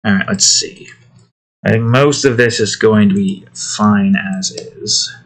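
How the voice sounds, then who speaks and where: A man's voice: mid-range voice, very animated, slow pace. A man talking casually to himself while drawing digital art, muttering about his work and snapping at his cat. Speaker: artist drawing on stream.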